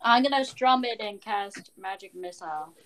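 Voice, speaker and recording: A woman's voice: mid-range voice, animated, moderate pace. A young woman playing a tabletop game, talking casually and hesitantly with many ums and restarts. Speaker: player.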